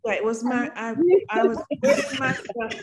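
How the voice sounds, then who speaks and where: A woman with a Jamaican accent, a singer guesting on a podcast, telling a story in an animated way, laughing and acting out voices. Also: a little high, moderate pace, over a noisy crowd.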